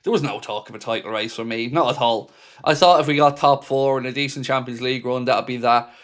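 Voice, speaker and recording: A man hosts a fan live stream in easy, animated chat. He reads out viewer comments and answers each commenter by name, his pitch sitting in the middle range for a man. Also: fairly quick.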